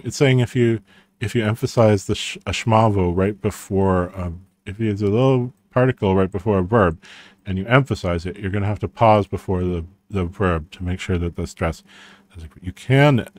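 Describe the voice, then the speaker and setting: A man's voice: low voice, darkish tone, no echo. A man giving casual, rambling commentary as he reads through a language reference book, with frequent restarts and a wry tone.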